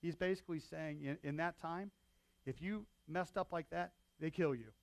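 A man's voice: on the high side, normal speed, creaky, dry recording. Folksy preaching man, dry close sound. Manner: conversational, folksy preaching with asides to the congregation. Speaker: pastor. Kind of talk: sermon.

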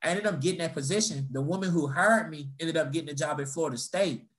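Fast and fairly high-pitched, a young adult man spins personal anecdotes in a casual conversation. He tells them with lots of energy, cursing freely and putting on voices for the people in his stories.

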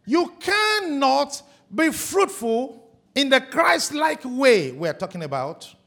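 Pastor, male, high animated voice, emphatic sermon delivery. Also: takes it slowly. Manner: emphatic preaching, stretching and shouting key words.

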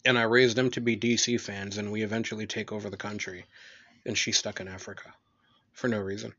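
A young man co-hosting a casual podcast, swearing freely and joking with dark humor. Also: on the low side, level tone, a little fast. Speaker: podcast co-host. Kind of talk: explicit casual chat. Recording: dull lo-fi recording.

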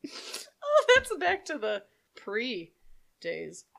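A woman co-hosting a podcast in casual chat, loud, profane and jokey. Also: a little high, wildly swooping pitch, drawn-out words, vocal fry. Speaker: podcast co-host.

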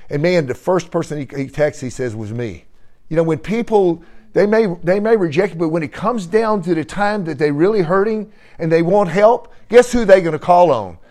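A man with a slightly high voice leads a church fellowship meeting. He shares stories in an animated way, often laughing and breaking into praise between sentences. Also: moderate pace. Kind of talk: testimony sharing at a church gathering.

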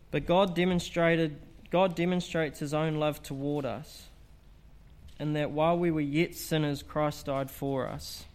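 A man's voice: a little high, a little mellow. A man preaching an evangelistic sermon in an earnest, emphatic way, asking rhetorical questions.

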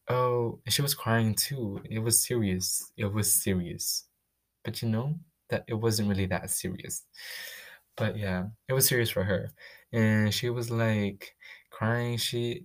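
Candid, profane young man from the Philippines. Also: lowish voice. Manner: casual, profane, candid, with quick restarts. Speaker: podcast host. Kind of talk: personal storytelling podcast.

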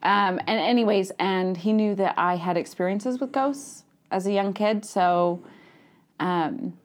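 A woman talks as a guest on a relaxed podcast. She is candid and laughs often, with casual swearing dropped into her answers. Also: mid-range voice, a little slow. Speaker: podcast guest, ghost hunter. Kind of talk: casual chat.

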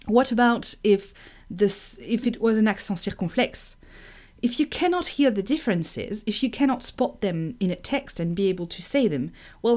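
A young woman from France with a French accent, a native French speaker, giving an emphatic, animated online lesson on pronunciation. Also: mid-range voice. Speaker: French teacher.

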